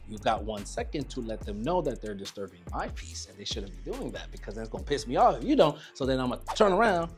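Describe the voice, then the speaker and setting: A man co-hosting a podcast, ranting bluntly and with lots of swearing in casual group chat. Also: mid-range voice. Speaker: podcast co-host.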